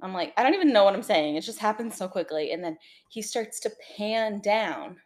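A woman's voice: medium pitch, fairly quick. Chatty young woman telling a story. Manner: animated storytelling, acting out quotes with many "like" fillers. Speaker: podcast co-host. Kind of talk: casual chat.

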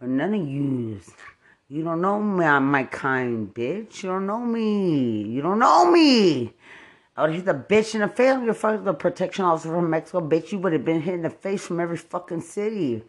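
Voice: mid-range voice, very animated, normal speed. Furious, profane screaming rant. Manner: profane, repetitive insults, swings between screaming and muttering.

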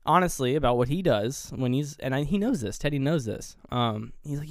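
A man's voice: medium pitch, lively intonation, brisk, hardly any pauses, no echo, clean studio sound. A man co-hosting a podcast, casually retelling movie scenes in a rambling way and briefly mimicking the characters. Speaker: podcast co-host. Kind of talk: casual movie review chat.

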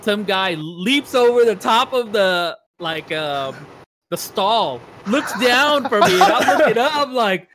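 A man casually telling a travel story on a podcast, animated and laughing as he talks. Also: sits high, takes it slowly, slight background noise. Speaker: podcast co-host.

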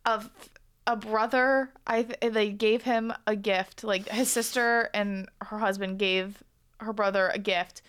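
A woman's voice: medium pitch, fairly even intonation, fairly bright tone, clean tone. Enthusiastic young woman in casual chat. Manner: enthusiastic, quick agreement, fillers like "like". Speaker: podcast co-host.

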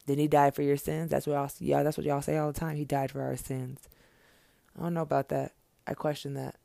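A man delivers an impassioned monologue, blunt and full of swearing, circling back to the same phrases to hammer his point. His voice sits a little high for a man and carries a gravelly rasp. The sound is close and dry, with no room echo. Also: level tone, a little fast, dark tone. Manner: blunt, profane, preachy, with repeated phrases.

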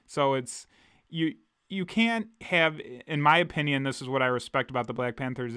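A man's voice: mid-range voice, moderate pace, a bit bright, smooth, dry recording, clean studio sound. A man co-hosting a podcast in casual, opinionated chat, swearing freely as he talks politics. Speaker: podcast co-host.

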